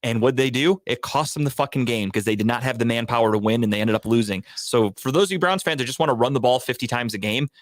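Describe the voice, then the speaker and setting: A man co-hosting a casual sports podcast, going on heated, profane rants that climb toward shouting. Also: medium pitch, fast, few pauses, dry recording, studio quality. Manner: heated, profane ranting, rising to near-shouting. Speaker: podcast co-host.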